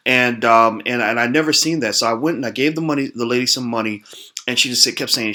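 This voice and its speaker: A man's voice: medium pitch, a little fast, pushed and bright. An American man hosting his channel, chatting casually to camera, rambling with lots of "uh" and "um" and restarts. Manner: rambling with many fillers and restarts. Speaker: host.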